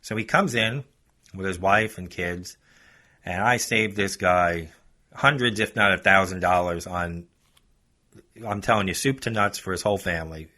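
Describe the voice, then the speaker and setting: A man's voice: low-pitched, moderate pace, bright, forceful tone. A male podcast host telling a story in a chatty, casual way, talking straight to his listeners. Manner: chatty, addresses listeners as folks.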